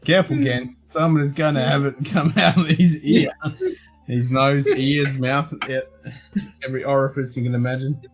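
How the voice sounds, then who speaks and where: A man's voice: medium pitch, steady tone, normal speed, faint music behind. A man with an Australian accent hosting a casual whisky tasting chat, laid-back and sweary, laughing often.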